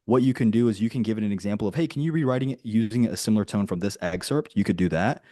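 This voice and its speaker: A man with a fairly low voice coaches a group in a direct, flat, dry-humored way. He rambles, restarts his sentences and checks in with "right?". The sound is close and dry, with no room around it. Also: very fast, no room sound. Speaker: business coach. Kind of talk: casual teaching on a group call.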